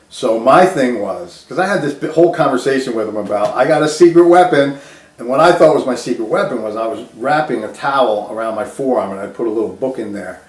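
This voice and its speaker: A man's voice: medium pitch, echoey room. A man casually telling a personal story, laughing often and restarting his sentences.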